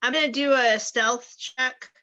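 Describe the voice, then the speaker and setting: A woman's voice: sits high, fairly even intonation, unhurried, pushed and bright. A woman playing a tabletop game, eager and chatty. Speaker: player. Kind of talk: casual tabletop game play. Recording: dull lo-fi recording.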